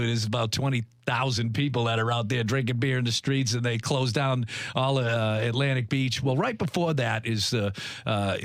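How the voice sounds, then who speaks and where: A man's voice: mid-range voice, dry recording. Chatty male radio host, dry sound. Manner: chatty, laughing easily. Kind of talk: casual radio talk. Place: radio studio.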